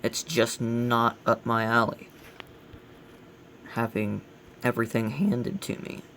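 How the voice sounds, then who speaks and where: A man with a gravelly voice hosting a casual let's play, giving blunt, grumbling critique as he plays. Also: mid-range voice, slow pace, fairly bright tone, a little hiss or hum. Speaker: gaming channel host.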